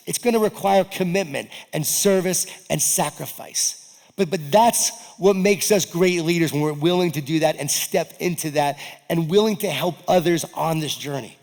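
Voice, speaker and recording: A man's voice: fairly high pitch, darkish tone. A man giving a motivational keynote talk to an audience, telling a personal story and acting out his own lines with animation. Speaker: keynote speaker. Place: event hall stage. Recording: long reverb of a large event hall.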